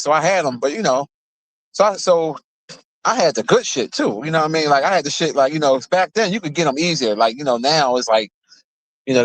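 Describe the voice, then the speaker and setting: Young dude ranting to his viewers from the car, cusses a lot, fairly high voice, dry close sound. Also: fairly bright tone, no room sound. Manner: profane, rambling, talks straight to viewers. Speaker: streamer. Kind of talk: casual rambling chat while driving.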